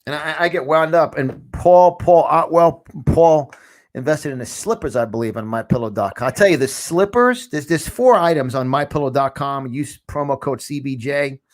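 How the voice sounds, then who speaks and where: A podcast host with a New York accent, talking in a rambling, fired-up way from a large studio. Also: male voice, fairly high pitch, lively intonation, moderate pace. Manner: rambling, fired up, repeats words. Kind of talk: animated talk-show chat.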